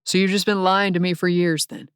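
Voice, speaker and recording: A woman's voice: lowish voice, steady tone, brisk, clear, resonant tone, dry recording, studio quality, natural voice. A woman voicing an angry, hurt young man whose fiancée is leaving him, bitter and accusing.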